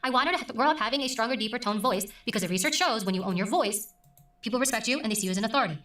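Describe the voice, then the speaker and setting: A middle-aged woman speaks in a quick, emphatic way, pausing on purpose between points. Her voice sits fairly high. The sound is roomy and a little distant from the mic. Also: lively intonation, fairly bright tone. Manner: deliberate, emphatic, with pauses. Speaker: news presenter and interview guest. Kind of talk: conversational interview.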